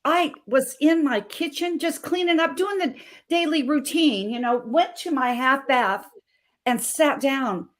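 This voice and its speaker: A woman's voice: sits high, unhurried, fairly bright tone. A woman in her thirties from Montana, a health coach telling her story as a guest with passion and emphatic repetition. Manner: passionate, emphatic, repeats phrases. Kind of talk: emotional personal story on a talk show.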